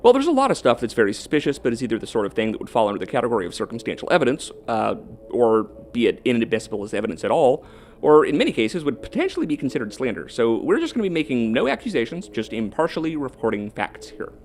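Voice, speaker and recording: A man's voice: mid-range voice, big pitch swings, fast, a little mellow. A man narrating a video script in a wry, dryly ironic manner.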